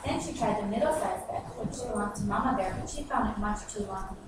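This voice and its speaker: A woman reading a storybook aloud to children in an expressive, sing-song way. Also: medium pitch, fairly quick. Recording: echoey, far-off noisy room.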